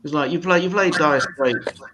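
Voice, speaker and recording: A man hosting an open mic night and doing a stand-up set at home, with deadpan, sweary, mock-serious asides. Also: a little high, moderate pace, noisy background. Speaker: open mic host and comedian. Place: home in Italy.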